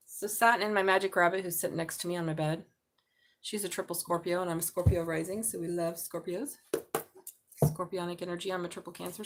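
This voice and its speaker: A woman reads tarot cards on a live stream from her bed. Her voice sits fairly low but leaps upward whenever she gets excited. She thinks out loud, with many sudden exclamations. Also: a little hiss or hum. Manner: animated, exclaiming, thinking aloud. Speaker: tarot reader. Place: bedroom.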